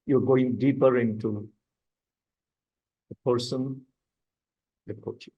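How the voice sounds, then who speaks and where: A man's voice: mid-range voice, steady tone, slow, long pauses, dark tone, breathy edge, poor audio. A man leading a coaching masterclass, explaining step by step and asking the audience questions. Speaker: coaching instructor. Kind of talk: online masterclass teaching.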